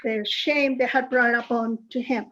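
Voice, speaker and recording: Woman, high flat voice, dull lo-fi call audio, study discussion. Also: moderate pace. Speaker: study participant. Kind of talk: class discussion. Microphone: video call.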